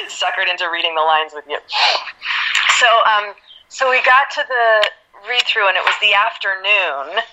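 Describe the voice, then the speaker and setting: An actress guest telling a story in a casual interview, laughing often and acting out what people said. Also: female voice, fairly low pitch, poor audio. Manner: laughs often, animated, acts out quotes.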